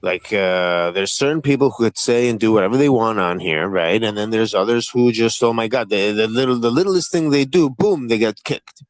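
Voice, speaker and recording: A man's voice: lowish voice, normal speed, hardly any pauses, no echo, low-quality recording. A man hosting a livestream panel, talking in a profane, taunting and combative way. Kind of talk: heated livestream panel chat.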